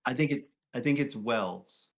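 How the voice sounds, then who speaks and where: A man's voice: medium pitch, unhurried. A man from Brooklyn, co-hosting a casual live stream, blunt and profane, acting out what other people say. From Brooklyn, New York. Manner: blunt and profane, acts out quoted voices. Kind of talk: casual political chat. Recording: dull lo-fi stream audio.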